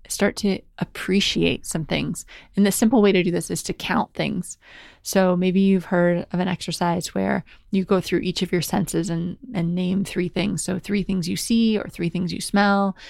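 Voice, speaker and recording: Woman, mindfulness talk, gentle and reflective, slow drawn-out emphasis, dry close sound. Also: lowish voice, vocal fry, dry recording. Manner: gentle, reflective, slow and drawn-out on key words, frequent "right?".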